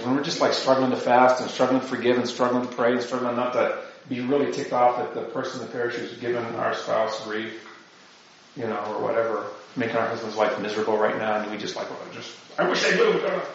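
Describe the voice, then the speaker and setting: A man's voice: mid-range voice, level tone, quick pace, slight background noise. A man giving an informal spiritual talk to his parish, rambling and self-deprecating, full of asides. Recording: distant mic, very echoey, dull lo-fi sound.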